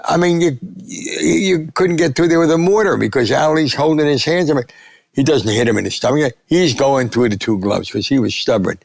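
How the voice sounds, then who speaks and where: An older man, a sportswriter guest, telling animated anecdotes and acting out quotes in an interview. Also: medium pitch, brisk, gravelly, dry recording. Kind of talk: storytelling interview.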